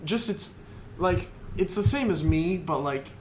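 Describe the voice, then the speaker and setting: A young man co-hosts a podcast in a laid-back, halting chat, and he often stops to find his words. A faint ambient hiss sits behind his voice. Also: fairly high pitch, expressive, a little mellow. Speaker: podcast co-host. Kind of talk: casual chat.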